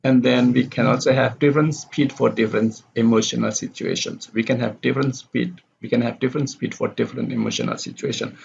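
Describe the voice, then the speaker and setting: Gravelly-voiced male lecturer, lo-fi. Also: mid-range voice, a little hiss or hum. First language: Indonesian. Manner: halting, with frequent fillers and self-corrections; speaks deliberately, explaining step by step. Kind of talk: recorded lecture. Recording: dull lo-fi recording.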